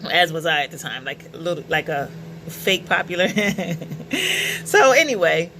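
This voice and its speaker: Chatty woman with a bright voice. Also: on the low side, moderate pace, slight background noise, rough recording. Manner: chatty, animated, laughs while telling stories. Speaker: vlogger. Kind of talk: casual storytelling vlog.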